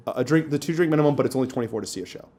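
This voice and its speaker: A young man, a stand-up comic and podcast co-host, telling a story in casual chat, quoting voices as he goes. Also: medium pitch. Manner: fast, animated storytelling with quoted voices.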